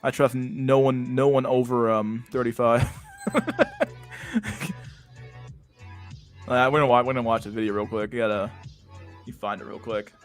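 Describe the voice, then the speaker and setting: A man's voice: medium pitch, expressive, a little slow, long pauses, soft background music. A man hosting a casual livestream chat, rambling and crude, packed with internet slang. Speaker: livestream host.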